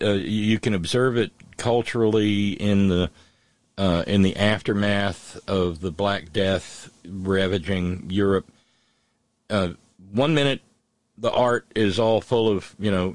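A man's voice: lowish voice, no echo. A man hosting a call-in radio show, talking casually with wry, sardonic asides.

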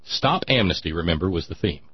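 Sardonic husky-voiced male commentator. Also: deep voice, animated, fairly quick, no echo, lo-fi sound. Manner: sardonic, mocking, dry asides. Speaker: political commentary host. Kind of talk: sarcastic political monologue.

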